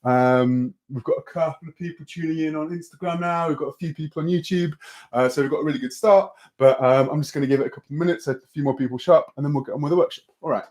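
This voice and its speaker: A man's voice: fairly high pitch, fast, darkish tone. A man in his thirties, from the United Kingdom, teaching a live-streamed beatbox workshop in a casual way with many filler ums.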